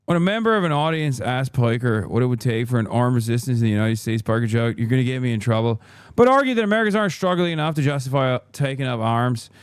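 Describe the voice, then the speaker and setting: Hammy put-on Irish reader, done by a man, crisp dry voice, theatrical. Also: mid-range voice, animated, fast talker, dry recording, lightly acted. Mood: mock newsreader. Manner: theatrical, exaggerated brogue. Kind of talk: reading an article aloud.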